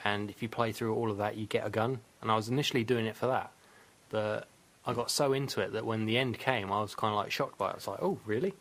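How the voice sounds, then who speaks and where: A man's voice: lowish voice, fairly even intonation, fast talker, hardly any pauses, fairly bright tone. A man hosting a gaming podcast in casual, rambling chat, laughing often at himself. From Britain. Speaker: podcast host.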